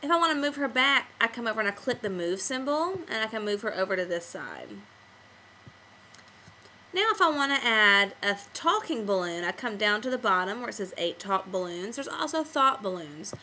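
A woman's voice: medium pitch, very animated, normal speed, sharp tone, a little hiss or hum, low-quality recording. A woman teacher walking children through making a comic on screen, patient and step-by-step. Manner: patient, step-by-step classroom explaining. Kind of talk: screen-recorded software tutorial for kids.

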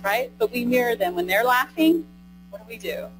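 Speaking animatedly at a moderate pace in a slightly high voice, a woman presents a live training lecture to an audience in a conference room. She talks conversationally, adds "right?" to her points, and asks questions, with music behind a rough recording.

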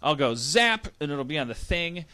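Man, forties, podcast host, rambling, stammering, bright forceful voice, fairly high pitch. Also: sing-song, moderate pace, smooth. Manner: rambling, stammering, many restarts and fillers. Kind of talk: casual comedic chat.

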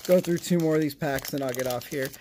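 A man's voice: on the high side, fast talker, a little mellow, slight background noise. A man hosting a casual card-opening vlog, chatty and rambling, with a sarcastic streak. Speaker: card collecting channel host.

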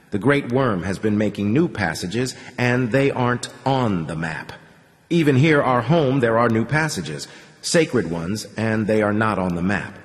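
A solemn young savage, as a male narrator puts him on, talking in short plain sentences with his pitch lifting well above the narration. The reading rings with long reverb. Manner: simple, solemn, halting speech. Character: young male savage cult disciple, earnest.

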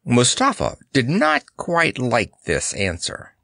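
A man reading a children's fantasy book aloud as narrator, in an expressive storytelling manner. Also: medium pitch, slow pace, creaky, dry recording, studio quality. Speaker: audiobook narrator. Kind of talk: scripted narration.

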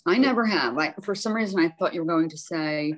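Low-voiced woman chatting dryly. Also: fairly quick. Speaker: co-host of art class. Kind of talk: casual chat.

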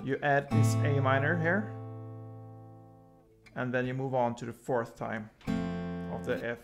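A man teaching a guitar lesson in a casual, relaxed way, calling out chords and explaining how to pick the strings. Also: mid-range voice. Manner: slow, relaxed explaining between chord names. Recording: guitar playing loudly behind the voice.

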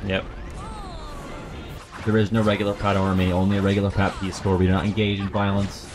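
A man streaming a video game, joking and swearing in excitable live commentary. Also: low-pitched, brisk.

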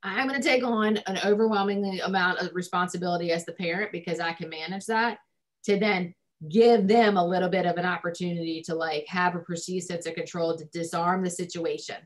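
Woman therapist w a lowish voice, chatty, lots of ums and likes. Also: fairly even intonation, fairly quick. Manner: conversational, frequent ums and likes. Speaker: family therapist. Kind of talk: advice in a recorded discussion.

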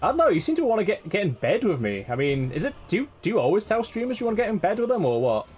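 Lively, cursing male game streamer. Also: high voice, very fast, husky. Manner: swears often and teases chat; laughs often. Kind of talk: live gameplay commentary.

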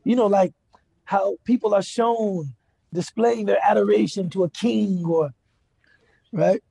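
Telling a personal story in a high, creaky, warm, husky voice, an Islamic lecturer speaks a little slowly with no room sound. His tone is conversational, peppered with "right?" and "you know," and he is emotionally moved.

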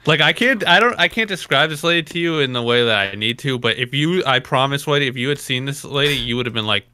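A man's voice: medium pitch, expressive, fairly quick, pushed and bright, smooth, dry recording. A young man hosting a podcast, telling rambling stories in casual chat and laughing often. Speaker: podcast host.

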